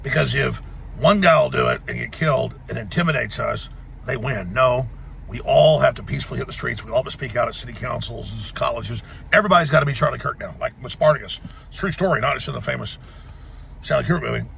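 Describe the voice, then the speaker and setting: A man's voice: mid-range voice, fast talker, gravelly, a bit bright, a little hiss or hum. A man giving an impassioned, defiant rallying speech, urging listeners to action. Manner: fiery, defiant and exhortative.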